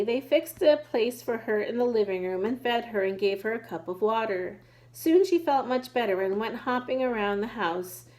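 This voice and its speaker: A woman reading a children's book aloud at a steady pace, now and then restarting a word. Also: on the high side, low-quality recording. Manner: steady reading with occasional restarts over words. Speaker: reader.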